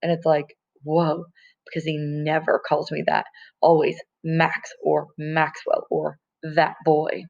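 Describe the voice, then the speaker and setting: A woman's voice: sits low, completely flat delivery, takes it slowly, vocal fry, darkish tone. Woman reading a novel aloud. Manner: casual, conversational narration. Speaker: audiobook reader. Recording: dull lo-fi recording.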